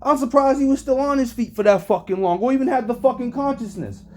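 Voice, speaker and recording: A man's voice: extremely high pitch, fast talker. A man streaming, giving profane casual commentary full of slang and frequent laughter. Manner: animated, swears constantly, laughs often, slangy. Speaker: streamer reacting to a trial.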